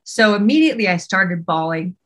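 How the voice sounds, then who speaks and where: A woman's voice: medium pitch, animated, a little fast, a bit bright. A woman guest on a podcast, candidly recounting a personal story and acting out what she and others said. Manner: earnest, candid, quotes herself and others.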